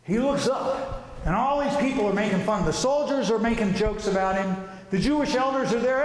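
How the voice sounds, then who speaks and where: A man's voice: high voice, animated, normal speed. A man presenting an informal religious talk, telling the story vividly and casually with slang. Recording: echoey hall reverb.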